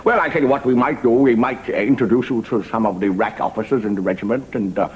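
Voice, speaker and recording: A man's voice: medium pitch, fast talker, darkish tone, muffled recording, a little hiss or hum, natural voice. A man doing a pompous, fussy commanding officer with a plummy drawl and little "eh? what?" tags.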